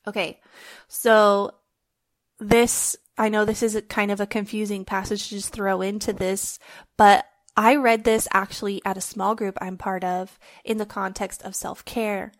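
A woman's voice: mid-range voice, little pitch movement, a little slow. A woman hosting a faith-based podcast, talking in an earnest, heartfelt, conversational way and recording at home on her phone. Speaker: podcast host.

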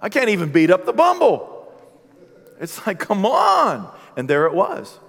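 A man preaching a sermon, telling stories with lively energy and shouting out the lines he acts out. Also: high-pitched, unhurried, creaky, slightly rough. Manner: animated storytelling, shouting acted-out quotes. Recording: long hall reverb.

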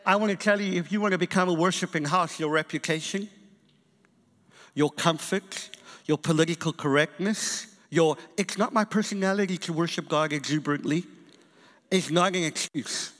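High-voiced man preaching in a reverberant church. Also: moderate pace. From England and South Africa. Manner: animated storytelling preacher, acts out quotes. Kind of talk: sermon.

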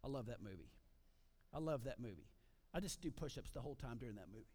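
A man preaching a sermon as pastor, animated, with frequent asides to the congregation. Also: mid-range voice, fast talker.

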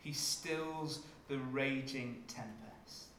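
Slow, deliberate preacher. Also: male voice, mid-range voice, echoey room, a little hiss or hum. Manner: dramatic shifts from hushed to loud when acting out scenes. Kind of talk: sermon.

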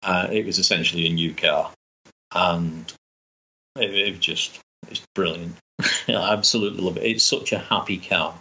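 A man's voice: deep voice, steady tone, moderate pace, sharp tone, muffled recording. A man chatting enthusiastically as a guest, rambling with restarts. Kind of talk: casual chat.

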